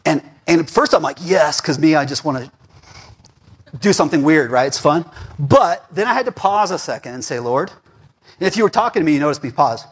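Husky male pastor, preaches with wide swings from loud to hushed. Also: fairly high pitch, brisk. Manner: animated, swings between shouting and murmuring. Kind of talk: sermon. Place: church.

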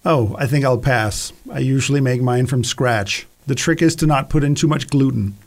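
A man's voice: mid-range voice, normal speed, close to an everyday voice. A man reading the part of a fussy, disapproving man in a script read-through. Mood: disdainful. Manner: prissy, disapproving. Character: fussy, disdainful prim man.

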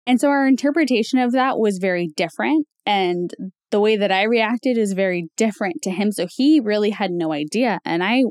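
A woman's voice: medium pitch, fairly quick, darkish tone, no room sound, clean studio sound. A young woman co-hosting a podcast, talking in a casual, chatty way with lots of fillers and small laughs. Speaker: podcast co-host. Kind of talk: casual chat.

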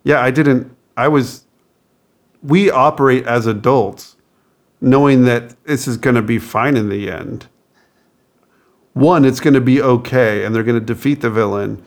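A man co-hosting a casual movie review podcast, laughing often as he talks. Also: mid-range voice. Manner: slow, gravelly, laughs often. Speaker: podcast co-host.

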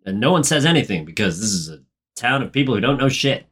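A man co-hosting a podcast, chatting about a movie with dry quips and quick, stumbling asides. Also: mid-range voice, big pitch swings, a bit bright, slightly rough. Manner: dry, wry quips, often rushed asides. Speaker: podcast co-host. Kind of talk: casual movie-recap chat.

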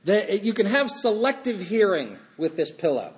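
A middle-aged man preaching a sermon with a slightly raised voice. He talks informally and haltingly, full of fillers and restarts. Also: sits high, sing-song. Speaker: pastor.

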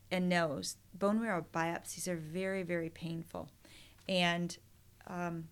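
A woman's voice: fairly low pitch, clear, resonant tone. Earnest middle-aged woman telling her story. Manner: earnest, emotional retelling with quoted prayers. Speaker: podcast guest. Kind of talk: personal storytelling.

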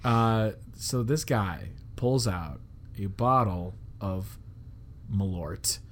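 A man's voice: fairly low pitch, drawn-out words, a bit bright, slight background noise. A young man from the Chicago area hosting a podcast, telling a story in a rambling, casual way full of fillers. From Chicago area, United States. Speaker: podcast host.

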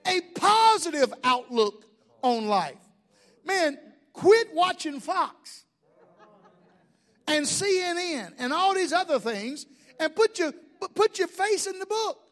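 A man's voice: very high-pitched, very animated, slow pace, long pauses, fairly bright tone. A middle-aged man preaching a sermon as pastor, folksy and joking, asking the crowd questions.

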